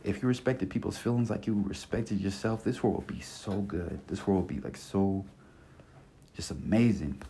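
A man's voice: deep voice, warm tone, a little hiss or hum. A man in his twenties giving a blunt, passionate solo podcast rant, full of slang and cursing, circling back and repeating his points. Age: 20s. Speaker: podcast host. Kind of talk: casual monologue rant.

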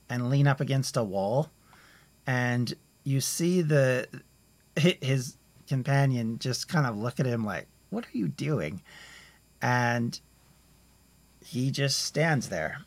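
A man narrating a tabletop game as game master, rambling and halting as he searches for words. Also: mid-range voice, animated, fairly bright tone, no echo. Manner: rambling, halting, many fillers and restarts.

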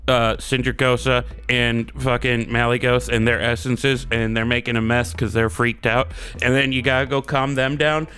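A man's voice: medium pitch, fairly bright tone, clean tone. A man co-hosting a podcast, retelling a story in a laid-back, crude and sarcastic way. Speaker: podcast co-host. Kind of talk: casual chat recapping a game questline.

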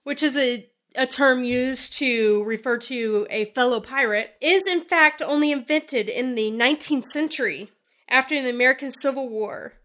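A woman's voice: high voice, moderate pace, a bit bright. A woman co-hosting a podcast, sharing trivia and laughing easily. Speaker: podcast co-host. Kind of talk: casual podcast chat.

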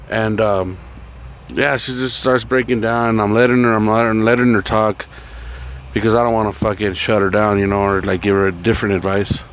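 A man's voice: fairly low pitch, slight background noise. A young adult man telling a story casually and profanely, rambling and acting out the dialogue.

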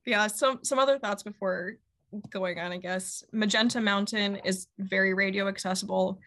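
A woman's voice: medium pitch, fairly even intonation, moderate pace, a bit bright. A woman co-hosting a casual music podcast, chatty and full of ums and likes. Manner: chatty, many ums and likes, laughs often. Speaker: podcast co-host. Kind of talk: casual music review chat.

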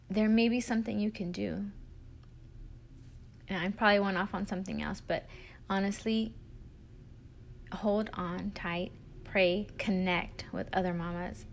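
A woman's voice: medium pitch, vocal fry. A woman hosting a podcast for moms, talking in an earnest, faith-filled way as she encourages her listeners. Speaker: podcast host, mom coach. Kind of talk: heartfelt encouraging podcast talk.

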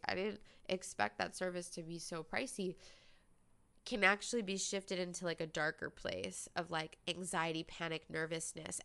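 Gravelly-voiced woman telling a personal story. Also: fairly low pitch, pushed and bright. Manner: candid, conversational, many "like" fillers. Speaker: podcast host.

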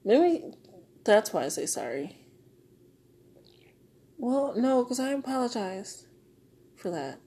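Tearful young woman venting, husky voice. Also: fairly high pitch, big pitch swings, slow pace, long pauses, warm tone. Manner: swearing, rambling, emotional. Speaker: podcaster. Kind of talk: raw personal venting monologue.

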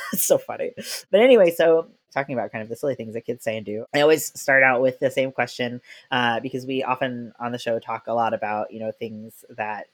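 A podcast host in a casual interview, telling chatty, animated stories full of playful quoted voices. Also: medium pitch, fairly quick.

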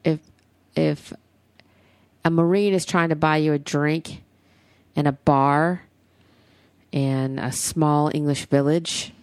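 A woman's voice: deep voice, fairly even intonation, takes it slowly, pauses often, darkish tone, smooth, no echo. An American woman hosting a podcast, rambling and chatty in casual talk, swearing freely. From United States. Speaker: podcast host.

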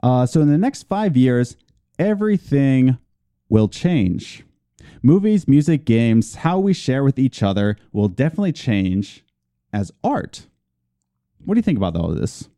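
A man's voice: mid-range voice, sing-song, a little slow, warm tone. A man co-hosting a casual gaming podcast, reading plugs and news with playful, teasing asides. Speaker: podcast co-host.

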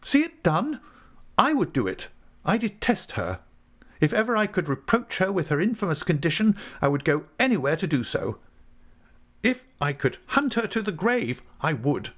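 A man's voice: sits high, sing-song, moderate pace, voice pushed up. A man voicing a scornful, furious young woman in an audiobook, speaking with vehement, venomous rage.

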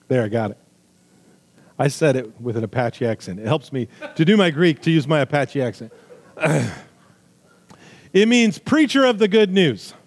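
Emphatic male preacher in a reverberant hall. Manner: emphatic, swings between loud high stresses and low quiet asides; jokey asides with a laugh. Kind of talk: sermon.

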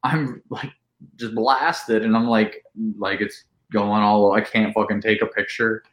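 A man's voice: on the low side, measured pace. Guy rambling thru a drunk party story, says like a lot, kinda echoey room. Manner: animated, full of "like", acts out quotes. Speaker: podcast guest. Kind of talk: casual storytelling.

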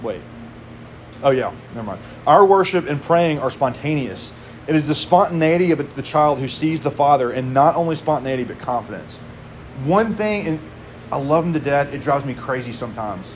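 A man's voice: mid-range voice, lively intonation, moderate pace, a little hiss or hum. A man in his thirties preaching a sermon to his congregation, conversational, with casual asides. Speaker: pastor.

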